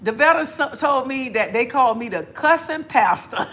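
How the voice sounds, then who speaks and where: A woman's voice: high-pitched, lively intonation, moderate pace, a bit bright. A middle-aged woman, chatting bluntly on a livestream and laughing often. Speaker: livestream host. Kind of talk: casual livestream chat.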